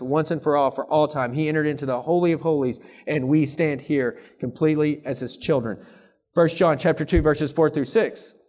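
Male preacher, slightly high voice, fervent sermon that swings from loud to hushed. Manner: passionate, swings from loud scripture reading to hushed intensity.

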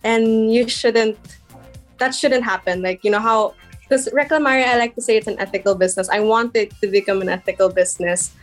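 A woman's voice: medium pitch, a little fast, faint music behind. A young woman who runs a small crochet shop, chatting casually in an interview, laughing often and filling with "like" and "um.". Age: young adult. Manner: giggly, chatty, many fillers. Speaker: guest, crochet shop owner.

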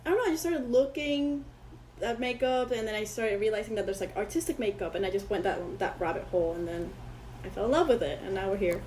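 A woman's voice: medium pitch, fast talker, darkish tone, a little hiss or hum, poor audio. A woman whose first language is Spanish, a guest in a casual interview, telling rambling stories and acting out what other people said. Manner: rambling storyteller who acts out quoted people.

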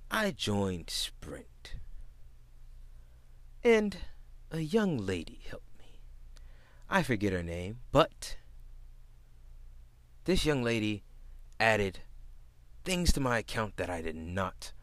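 A soft-spoken, overly proper grown man airs a complaint in slow, hushed, careful words, as a man puts him on. The sound is dry and close. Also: on the low side, big pitch swings, no echo. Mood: prim, hushed.

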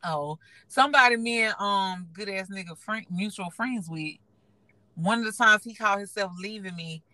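Bright-voiced woman, frank and profane. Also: mid-range voice, moderate pace, poor audio. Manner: frank, profane, laughing storyteller. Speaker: podcast co-host. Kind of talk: casual chat.

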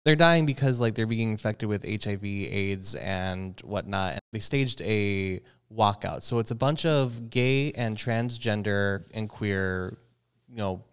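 A young man co-hosting a podcast, talking in an expressive, jokey way with dramatic asides. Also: lowish voice, measured pace, clean tone. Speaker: podcast co-host. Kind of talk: casual chat.

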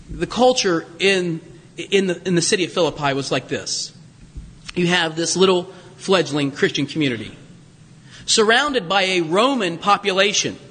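A man preaching a sermon, telling stories with humor and asides in an animated way. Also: high voice, long reverb tail. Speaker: pastor.

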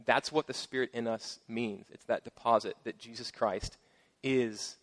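A middle-aged man preaching a sermon as pastor, casual and playful with joking asides and lively emphasis. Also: medium pitch, a little slow.

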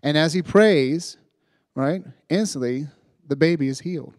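A man preaching to young people, retelling a story with lively asides and checking in with "right?" as he goes. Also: a little high, unhurried, no room sound, studio quality. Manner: animated retelling, acting out voices, frequent "right?". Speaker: youth preacher. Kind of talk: storytelling sermon.

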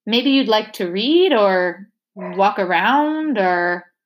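A woman's voice: mid-range voice, lively intonation, takes it slowly, lo-fi sound. A woman voicing a flustered, scatterbrained woman doctor who hesitates and trails off.

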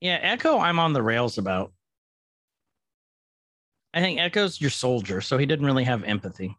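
A man's voice: medium pitch, sing-song, normal speed, a bit bright, no echo. A man co-hosting a casual podcast, chatting and joking as he recaps an episode. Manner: playful, jokey, retells scenes. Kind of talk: casual chat.

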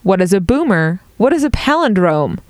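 A woman's voice: mid-range voice, very animated, moderate pace, a little mellow, no room sound. A woman co-hosting a casual comedy chat, blunt and exasperated, laughing often as she reads out headlines. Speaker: podcast co-host.

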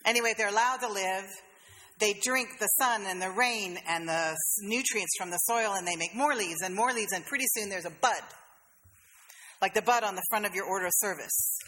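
Bright-voiced woman preaching. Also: medium pitch, moderate pace, long reverb tail. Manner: conversational storytelling, playful asides. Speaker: pastor. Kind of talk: sermon. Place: church sanctuary.

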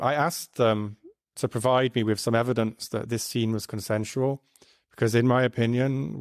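A man at an ordinary middle pitch talks through video clips with earnest indignation, loosely and with lots of fillers. His voice is recorded dry, close and clean, with almost no room sound. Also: dry recording. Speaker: commentary host.

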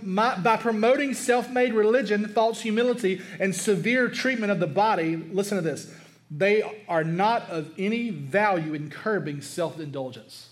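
Pastor, male, high voice, lively conversational sermon delivery with rhetorical questions. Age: adult, father of a young son.

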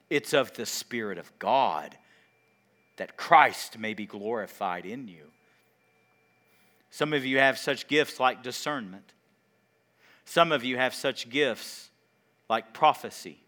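Bright, high-voiced preaching man. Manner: preaching with wide swings between loud emphasis and quiet, drawn-out words; asks the congregation questions. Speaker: pastor. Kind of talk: sermon.

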